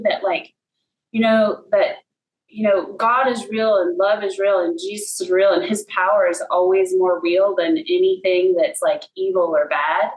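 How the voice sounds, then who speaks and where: A woman's voice: mid-range voice, moderate pace. Woman telling a story in an echoey room. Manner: casual storytelling with many fillers. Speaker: guest. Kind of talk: personal faith testimony.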